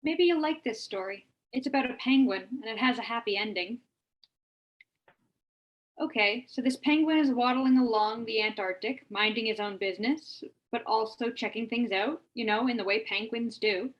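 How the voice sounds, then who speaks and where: A woman reads a comic monologue in a light, coaxing way. Her voice sits slightly high. The audio is a bit dull and muffled. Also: moderate pace. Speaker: play reader. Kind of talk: reading a comic monologue aloud.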